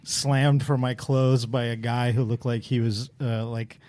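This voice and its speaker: A man's voice: mid-range voice, level tone, a little slow, a little mellow, dry recording. A man guesting on a podcast, joking loosely with the hosts. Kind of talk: casual podcast banter.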